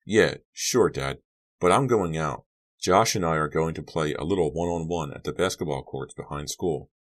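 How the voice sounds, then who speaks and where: A man's voice: extremely low pitch, moderate pace. A man voicing a tense, defensive teenage boy whose voice rises sharply when he gets angry. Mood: irritated. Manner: rising and sharp in anger.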